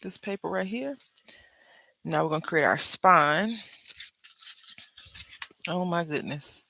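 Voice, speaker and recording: A woman's voice: on the low side, lively intonation, slow, creaky, bright, forceful tone, dry recording. A woman hosting a crafting tutorial, chatting casually and rambling into asides to her viewers as she works. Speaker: crafting channel host.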